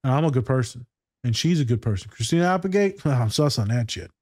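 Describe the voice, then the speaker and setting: A man's voice: mid-range voice, expressive, fast, a little mellow, dry recording, clean studio sound. Blunt, profane man talking casually. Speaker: therapist reacting to a TV scene. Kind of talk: casual reaction chat.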